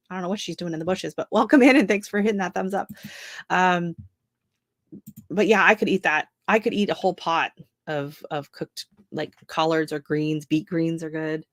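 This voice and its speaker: A woman's voice: fairly low pitch, normal speed, no echo. A middle-aged woman hosting a home gardening live stream, chatting casually and rambling through asides. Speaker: gardening channel host.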